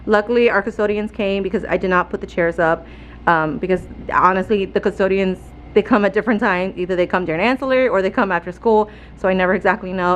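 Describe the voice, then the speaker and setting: A woman, a fourth-grade teacher, vlogging from her classroom with a phone, animated and laughing often, audibly stressed and frustrated. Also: medium pitch, quick pace, a little hiss or hum, rough recording. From Texas. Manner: animated, laughs often, keeps addressing viewers as y'all. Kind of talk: casual classroom vlog. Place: indoor school classroom.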